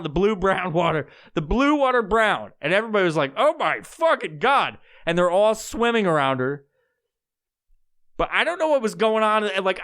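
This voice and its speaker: A man's voice: on the high side, a bit bright. A man, telling a rambling, profane, laugh-filled story as a podcast host. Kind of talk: casual storytelling.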